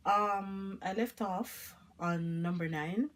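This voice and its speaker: A woman's voice: mid-range voice, takes it slowly. A woman with a Jamaican accent chatting to the camera in a rambling vlog, slipping in patois as she talks. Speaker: vlogger. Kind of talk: casual chat to camera.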